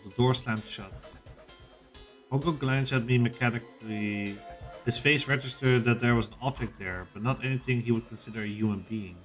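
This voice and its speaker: A man streaming a visual novel, reading the narration aloud and reacting casually, with plenty of swearing. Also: mid-range voice.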